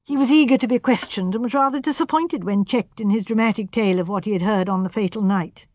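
A woman reading a classic mystery novel aloud with steady, measured narration. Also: medium pitch, dry recording, clean studio sound. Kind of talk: audiobook narration.

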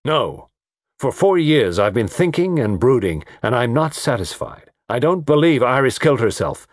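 A brooding, determined middle-aged man, as the narrator plays him in an audiobook. He speaks with intense emphasis, his pitch rising and falling a lot. The sound is close and dry. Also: big pitch swings, normal speed, no echo.

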